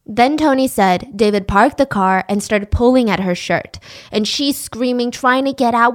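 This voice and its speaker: Woman, podcast host, casual true-crime storytelling, animated, fairly high voice. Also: moderate pace. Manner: animated, acts out the people in the story.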